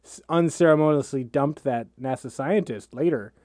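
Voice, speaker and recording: A woman's voice: low voice, mellow, no room sound, studio quality. A woman co-hosting a podcast in casual comedic chat, with sarcastic, teasing quips. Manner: sarcastic, quick-witted, teasing. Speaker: podcast co-host.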